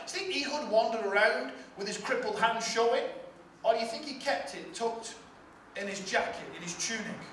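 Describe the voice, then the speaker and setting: A man's voice: high-pitched, fairly bright tone, a little hiss or hum. A male pastor preaching a sermon with emphatic, repetitive rhetorical build-ups. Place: large church hall. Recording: echoey hall from far off, faint ambience.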